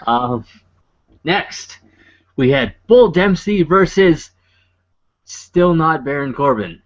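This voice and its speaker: A man's voice: mid-range voice, expressive, takes it slowly, long pauses. A man co-hosting a podcast, recapping a show in casual, rambling chat full of fillers and wry asides. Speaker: podcast co-host. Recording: dull lo-fi podcast audio.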